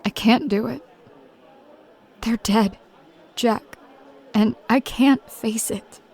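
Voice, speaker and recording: A woman's voice: a little high, steady tone, takes it slowly, a little mellow, breathy edge, heavily acted. A woman playing a blunt, weary agent mother. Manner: blunt, grim and dry-humored. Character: hardened middle-aged mother and paranormal agent. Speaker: narrator of a recorded report. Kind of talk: audio drama monologue.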